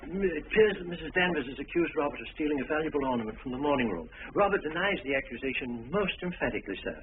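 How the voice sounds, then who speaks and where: A polite, formal house butler, voiced by an actor, speaking briskly with lively pitch. The audio is tinny and narrow like an old film, with faint hiss. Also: male voice, close to an everyday voice. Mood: deferential. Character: deferential male house butler.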